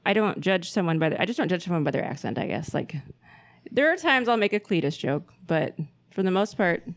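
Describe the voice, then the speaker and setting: A woman co-hosting a podcast in casual chat, blunt and quick to swear. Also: lowish voice, no room sound, clean studio sound. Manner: blunt, animated, swears freely. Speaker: podcast co-host.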